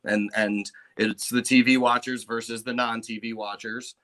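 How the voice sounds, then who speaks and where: Male podcast host, casual, rambling, bright tone. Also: mid-range voice, level tone, a little slow. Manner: rambling, loose, joking. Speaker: show host.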